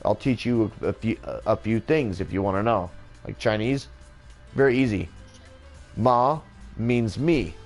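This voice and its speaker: A man's voice: lowish voice, moderate pace, darkish tone, soft background music. A man in a rambling, joking casual monologue, swearing freely as he goes.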